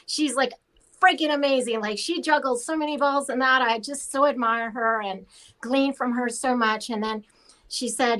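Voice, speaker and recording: A hoarse woman talking in a casual panel chat, chatty and laughing often. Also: a little high, moderate pace, fairly bright tone, poor audio. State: hoarse after laryngitis.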